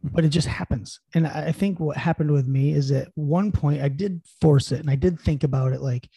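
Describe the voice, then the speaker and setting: Warm, husky man giving upbeat advice. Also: a little high, brisk, no echo. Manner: earnest, encouraging, many fillers like "you know". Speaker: podcast co-host. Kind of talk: casual chat.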